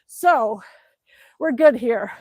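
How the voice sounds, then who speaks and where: Brief: chatty, gushing Alaskan woman, high voice, dry close phone sound, livestreaming outdoors while exercising. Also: animated, extremely slow, mellow, husky, no echo. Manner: pedaling an exercise bike while talking. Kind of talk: casual livestream chat. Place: outdoors by her home. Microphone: cell phone on a stand.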